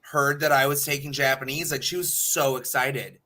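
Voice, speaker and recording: A man's voice: mid-range voice, fairly even intonation, moderate pace, bright, forceful tone. A man co-hosting a podcast, chatting casually and full of fillers and repeats. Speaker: podcast co-host. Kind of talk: casual chat.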